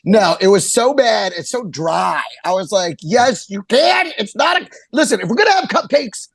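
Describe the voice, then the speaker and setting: A man co-hosts a casual podcast, talking bluntly and crudely. His high voice swings widely in pitch. The sound is dry and close. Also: sing-song, normal speed, creaky, a bit bright, dry recording. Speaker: podcast co-host. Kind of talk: casual chat.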